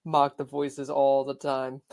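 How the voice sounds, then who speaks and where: A man's voice: medium pitch, completely flat delivery, takes it slowly, gravelly, darkish tone. A man co-hosting a casual sports podcast, giving easygoing analysis with lots of "um"s. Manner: easygoing, filler-heavy analysis. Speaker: podcast co-host.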